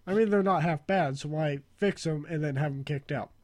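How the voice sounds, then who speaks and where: A man's voice: fairly high pitch, fairly quick, no echo. A young man in casual chat with a friend, blunt and short-spoken. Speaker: friend chatting.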